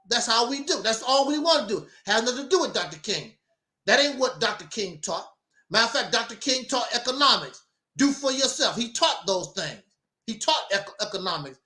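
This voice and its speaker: High, bright-voiced preachy man. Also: roomy sound. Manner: preachy, emphatic, mocking asides. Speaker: host. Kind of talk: opinionated talk show monologue.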